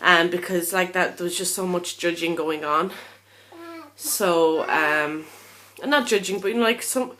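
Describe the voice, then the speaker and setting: A woman's voice: lowish voice, measured pace, a bit bright, a little hiss or hum. A young woman chatting casually to camera in a vlog, tired and a little out of breath, rambling and frank with lots of ums. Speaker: vlogger.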